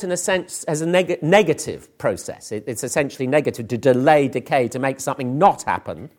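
A man preaching a sermon, working carefully through scripture passages. His voice sits slightly higher than most men's. He talks earnestly and often restarts a phrase before going on.

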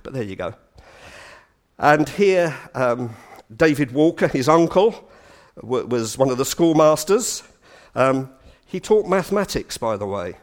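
A man giving a storytelling lecture, animated and full of chatty asides. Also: a little high. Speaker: speaker giving a talk.

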